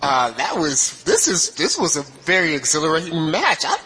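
A man's voice: a little high, huge pitch swings, normal speed, sharp tone, slight background noise, low-quality recording. A man co-hosting a podcast, teasing and hesitant, with many fillers. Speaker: podcast co-host. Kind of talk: casual podcast chat.

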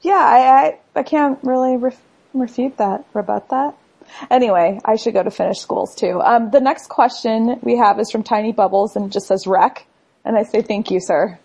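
Woman, podcast co-host, husky tone, blunt sarcastic delivery. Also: on the high side, normal speed, darkish tone, low-quality recording. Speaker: podcast co-host reading listener questions. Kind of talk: casual podcast chat.

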